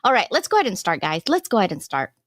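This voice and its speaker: A woman's voice: mid-range voice, wildly swooping pitch, racing, dry recording. A woman giving a casual live presentation as a workshop presenter, chatty and encouraging, with frequent digressions.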